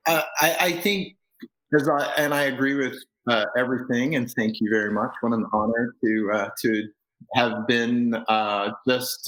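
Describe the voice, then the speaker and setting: A man who is a guest on a podcast and a radio marketing veteran, talking in a thoughtful, casual way and pausing with fillers as he picks his words. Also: medium pitch, a bit bright, poor audio. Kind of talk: casual conversation.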